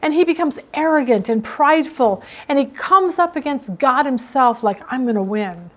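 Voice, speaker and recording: A woman's voice: high-pitched, lively intonation, moderate pace. A middle-aged woman teaching a Bible study in a casual, emphatic, storytelling way.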